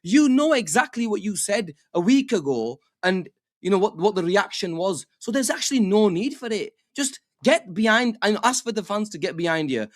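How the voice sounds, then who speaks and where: A man with a fairly high voice argues football in a casual panel chat. His delivery is halting and full of restarts, and turns sweary when he is annoyed. The sound is dry and close. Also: very animated, no room sound. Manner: halting, repeats words, swears when riled.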